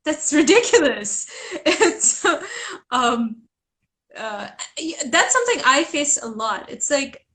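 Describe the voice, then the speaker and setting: Earnest woman guest, high-ish voice, American accent with faint Indian traces, restarts sentences. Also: very animated, slow, fairly bright tone. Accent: American with slight Indian hints. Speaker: guest, journalist and author. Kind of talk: casual conversation.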